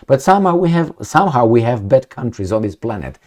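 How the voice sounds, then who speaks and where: A man's voice: mid-range voice, animated, brisk, hardly any pauses, a little mellow. A man hosting his own commentary show, talking in a sardonic, lecturing way with mocking asides and rhetorical questions. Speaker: political commentary host. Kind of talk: casual opinion monologue.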